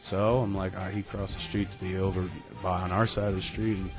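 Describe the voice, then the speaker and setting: A man's voice: sits low, little pitch movement, a little fast. A man hosting a podcast and telling a comic story casually, profane and self-mocking, acting out the voices of the people in it. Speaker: podcast host. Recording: music playing behind the voice.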